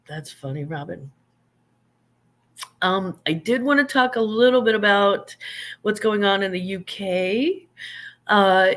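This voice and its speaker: A woman's voice: mid-range voice, fairly bright tone. Chatty grandmother hosting a livestream. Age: older. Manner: chatty, greets viewers, laughs easily, stumbles over names. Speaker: livestream host. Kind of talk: casual live chat.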